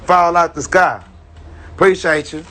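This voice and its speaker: A brash man swaggers and preaches at his viewers through a phone mic, with his voice pitched a touch high. His profane boasting rolls on without a pause, and a faint hiss sits under the sound. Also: steady tone, pushed and bright. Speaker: livestreamer. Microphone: phone on a livestream.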